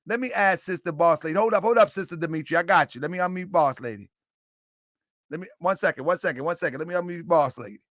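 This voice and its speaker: A man hosting a live stream, repeatedly cutting in to calm his guests. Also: on the high side, quick pace, dry recording, clean studio sound. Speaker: host.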